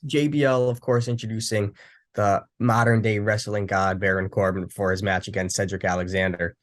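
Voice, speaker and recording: A man's voice: on the low side, level tone, moderate pace. Rambling young man recapping wrestling. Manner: rambling, many restarts and fillers. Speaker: wrestling show recap co-host. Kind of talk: casual recap chat.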